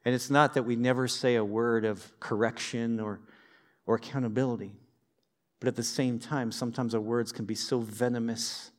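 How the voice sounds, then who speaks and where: A man preaching a sermon in a conversational, lively way, with personal stories and light humor. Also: mid-range voice, normal speed. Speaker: pastor.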